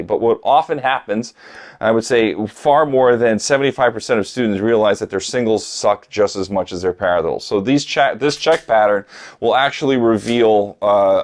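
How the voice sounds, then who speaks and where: Middle-aged guy teaching drums, direct coach vibe, counts stuff out loud. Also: medium pitch. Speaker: drum teacher. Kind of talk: instructional talk to camera.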